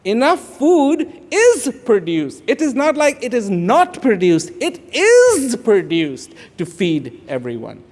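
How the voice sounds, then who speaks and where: A man in his fifties from India, speaking, gives an inspirational speech to an audience. He repeats phrases for emphasis and swings between hushed and loud. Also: extremely high pitch, wildly swooping pitch, slow, hardly any pauses. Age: 50s. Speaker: public speaker. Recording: echoey large hall.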